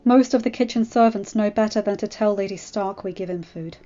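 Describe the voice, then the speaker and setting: A woman voicing a kindly castle cook who tells things in a warm, gossipy, storytelling manner. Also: medium pitch, fairly quick, muffled recording, close to an everyday voice. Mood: fond.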